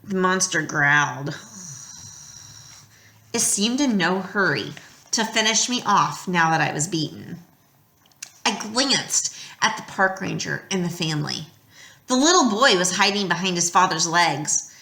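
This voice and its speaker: A woman reading a novel aloud in first person, with expressive storytelling that drops quiet at tense moments. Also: on the low side, a little slow, pauses often, echoey room. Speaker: audiobook reader.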